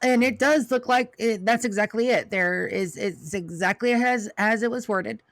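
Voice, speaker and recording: A woman's voice: a little high, moderate pace, no room sound. Dry-sounding woman game master. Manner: easy, descriptive narration. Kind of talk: narrating a tabletop game.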